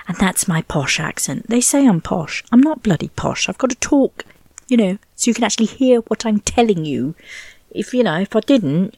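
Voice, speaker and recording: A woman's voice: mid-range voice, sing-song, normal speed, darkish tone, breathy edge, dry recording. A woman radio DJ chatting casually and rambling between songs, with self-mocking, playful asides.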